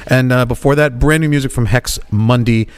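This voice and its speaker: A man's voice: mid-range voice, fairly quick, clean tone. Rambling, jokey male radio host. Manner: rambling, jokey, many restarts. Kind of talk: casual on-air chat. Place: radio studio.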